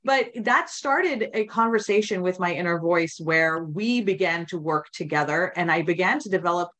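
Brief: female podcast guest, low-ish voice, candid rambling storyteller. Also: expressive, normal speed, few pauses, a bit bright. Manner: rambling, with many restarts and quoted inner thoughts.

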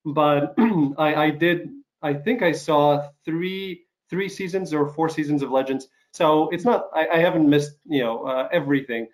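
A man hosting an interview show, recovering from an illness and coughing now and then, speaking haltingly with many fillers and restarts. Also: on the high side. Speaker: talk show host. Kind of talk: casual interview chat.

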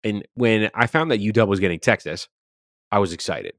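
Man, very low voice, dry close sound, casual sports chat, animated, swearing. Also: fairly quick, no echo. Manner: animated, profane, swears freely. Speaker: podcast co-host.

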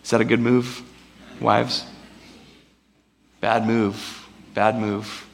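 A man's voice: on the low side, little pitch movement, extremely slow, gravelly, slight background noise. A man preaching a casual, rambling sermon to a church congregation, often acting out the voices of the people in his stories. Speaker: pastor. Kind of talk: conversational sermon. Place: church before a live congregation.

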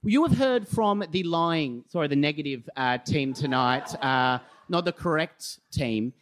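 A man's voice: on the high side, expressive, unhurried. Sarcastic-sounding Australian man doing stand-up. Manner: sarcastic-sounding, self-mocking. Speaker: comedy debater. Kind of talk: live stand-up debate speech. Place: live comedy venue stage.

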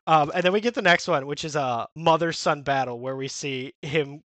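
A man's voice: a little high, a bit bright, no echo. A man co-hosting a podcast, chatting casually and rambling with fillers and restarts. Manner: rambling, many fillers and restarts, quick quoted character lines. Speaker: podcast co-host. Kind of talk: casual chat recapping a manga.

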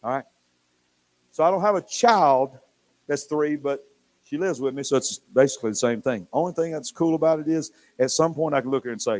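An older male pastor with a notably high voice preaches in church. He tells stories animatedly, dropping to a near whisper, then booming out. His delivery is expressive and conversational. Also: a little fast. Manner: animated, swinging from hushed to loud. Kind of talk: sermon storytelling.

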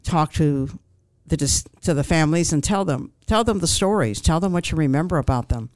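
A woman speaking as a grief counselor guest in an interview, giving calm, reassuring advice with frequent ums and restarts. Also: deep voice, brisk, dry recording.

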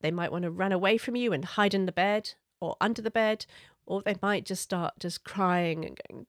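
A middle-aged woman coach giving parenting advice in an earnest, gentle, conversational way. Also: medium pitch, normal speed, hardly any pauses, no room sound, studio quality.

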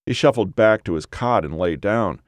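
Guy reading a novel aloud, lowish voice, super dry close mic. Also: lively intonation, moderate pace, no room sound. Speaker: narrator. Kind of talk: audiobook narration.

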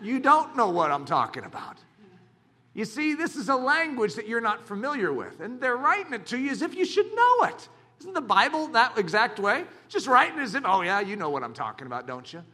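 A man preaching a sermon as a pastor, talking in an animated, dramatic way with bursts of shouting. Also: very high-pitched, normal speed.

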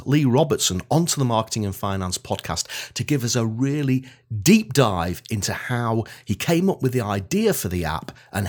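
An English man hosting a podcast interview over a video call from home, chatty and lively. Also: lowish voice. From England. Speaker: podcast host. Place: home, on a windy day.

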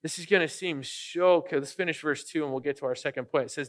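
With a slightly high, somewhat bright voice and a fairly quick pace, a pastor who is a father of young kids preaches. He jokes casually and regularly turns questions toward his congregation.

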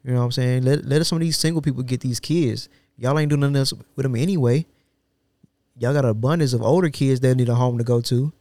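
A man's voice: mid-range voice, fast talker, dry recording. Brief: male podcast co-host, playful, slangy banter, dry close-mic sound. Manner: joking, animated, slangy. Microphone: studio podcast mic.

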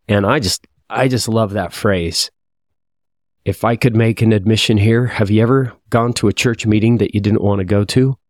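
A man's voice: fairly low pitch, fairly even intonation, moderate pace, darkish tone, no room sound, clean studio sound. A man teaching a scripture lesson, reading verses aloud and reflecting in a confessional, thoughtful way.

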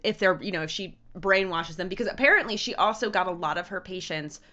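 A woman co-hosting a podcast, telling a dark story in a casual, profane, jokey way. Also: lowish voice, fast talker, dull audio.

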